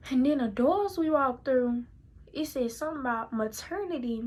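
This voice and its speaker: A woman's voice: high voice, expressive, moderate pace, darkish tone, husky. A young woman telling a personal story in a casual, chatty way, talking directly to her viewers. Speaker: vlogger.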